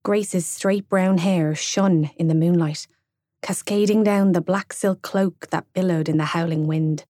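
Young woman reading a storybook, slow and measured, lowish voice, dry recording. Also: steady tone, mellow, no echo. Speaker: audiobook narrator. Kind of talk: scripted narration.

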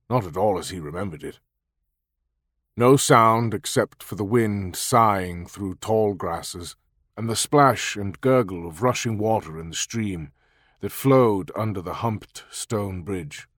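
Low-voiced male audiobook narrator. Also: slightly rough, no room sound, clean studio sound. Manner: measured, even storytelling.

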